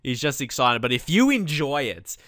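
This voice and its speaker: A man commentating on his own football management game, calmly explaining tactics and then shouting when goals go in. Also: mid-range voice, normal speed, no room sound. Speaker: let's play host.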